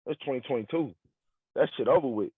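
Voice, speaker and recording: A man's voice: medium pitch, fast talker, breathy edge, no echo. Blunt profane man, tinny dry sound. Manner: blunt, profane, emphatic, slangy. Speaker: podcast co-host. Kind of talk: casual chat.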